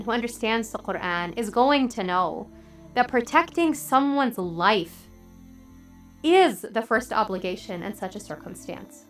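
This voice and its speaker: A woman religious teacher telling a story in a sermon, earnest and measured, with dramatic pauses. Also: medium pitch, a bit bright.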